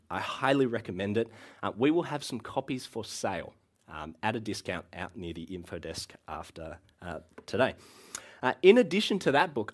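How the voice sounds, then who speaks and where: A man in his thirties preaching a sermon as a pastor, talking in a conversational way with frequent ums and uhs. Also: on the low side. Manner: lively, conversational delivery with frequent uh and um.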